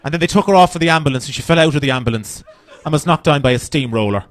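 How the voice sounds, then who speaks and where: A man's voice: a little high, expressive. A man from Dublin with an Irish accent, doing a blunt, profane stand-up set on a comedy stage. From Dublin, Ireland. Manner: profane, blunt, rapid-fire.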